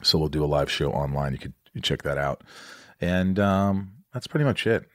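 A man's voice: rumbling low, moderate pace, fairly bright tone, no room sound, clean studio sound. An American man hosting a podcast, talking in a rambling, joking, loose interview style. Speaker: podcast host. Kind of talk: casual interview chat.

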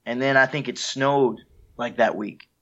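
A man's voice: mid-range voice, a little slow, pushed and bright. A man, a guest musician, talking casually and reflectively in an interview, sharing heartfelt stories with an easy laugh. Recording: dull lo-fi sound.

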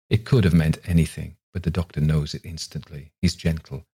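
A man reading a ghost story aloud in a calm, measured way. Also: extremely low pitch, slightly rough. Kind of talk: scripted narration of a ghost story.

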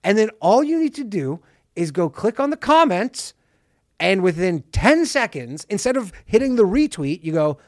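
A man co-hosting a podcast in casual chat, profane and animated, acting out quotes in mocking voices. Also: high-pitched, normal speed, dry recording, clean studio sound. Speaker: podcast co-host.

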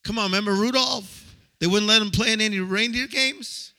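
A male preacher giving an excitable sermon to a live audience, stammering and repeating himself and shouting to the crowd. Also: sits high, moderate pace.

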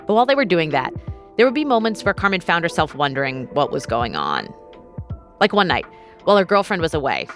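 A woman host narrating a true story in a measured, scripted style and interviewing her guest. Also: deep voice.

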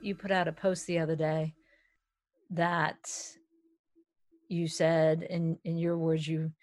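A woman's voice: low-pitched, flat delivery, slow pace, a little mellow. A woman co-hosting a podcast, chatting casually and playfully with frequent laughter. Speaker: podcast co-host. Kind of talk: casual chat.

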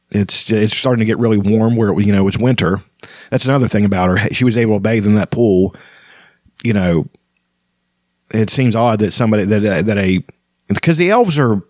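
A man with a fairly low, darkish voice hosts a casual chat about fantasy books, captured in a dry recording. He rambles, restarts often, leans on fillers, and reads passages aloud.

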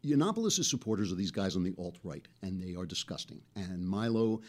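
A man hosting a casual political commentary show, talking in an animated, chatty way and laughing between points. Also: low-pitched, brisk. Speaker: host.

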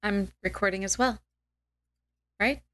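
A woman co-hosting a podcast, giving her take on a film in a relaxed, easygoing way. She hesitates and restarts her sentences now and then. Her voice is recorded close and dry, at an ordinary pitch for a woman. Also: unhurried, dry recording. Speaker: podcast co-host, film reviewer. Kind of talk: casual film review chat.

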